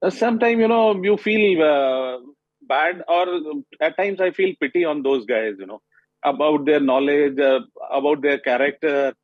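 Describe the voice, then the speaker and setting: A man being interviewed live on a TV panel as a cricket coach, speaking haltingly with many pauses. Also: on the high side, no echo. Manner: halting, pausing often with fillers. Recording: tinny phone line.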